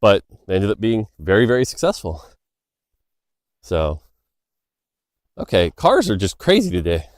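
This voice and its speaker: A man's voice: fairly low pitch, wildly swooping pitch, a little slow, pauses often, no echo, clean studio sound. A man, a game designer, chatting loosely outdoors on a walk, answering questions with lots of fillers and side stories. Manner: loose, filler-heavy, storytelling. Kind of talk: casual Q&A monologue. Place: outdoors walking by a road.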